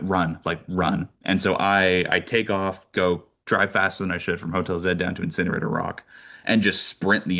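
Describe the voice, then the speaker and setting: A young Canadian man telling lively birding stories in a casual talk, with many fillers and restarts. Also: deep voice, creaky. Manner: animated storyteller, many fillers and restarts, laughs often. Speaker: birder giving a talk.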